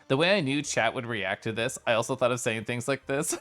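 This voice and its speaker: A man's voice: mid-range voice, brisk, hardly any pauses, bright, forceful tone, soft background music. A young man chatting casually on a live stream, answering his chat and laughing often.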